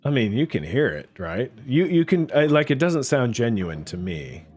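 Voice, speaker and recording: A man's voice: mid-range voice, big pitch swings, moderate pace, darkish tone, slightly rough, soft background music. A man giving casual, chatty commentary while playing a video game, often hesitant and wry. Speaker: gameplay streamer.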